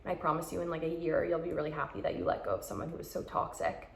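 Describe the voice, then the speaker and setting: A woman's voice: low voice, expressive, racing, creaky, a little hiss or hum. A young woman vlogger giving frank, chatty advice and acting out quoted thoughts. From Canada. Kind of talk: casual advice chat. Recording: roomy echo.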